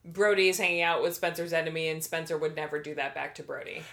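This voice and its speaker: A woman's voice: sits low, flat delivery, fast talker, gravelly, a bit bright. A woman co-hosting a casual podcast, recapping a TV episode with blunt, sarcastic critiques. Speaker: podcast co-host.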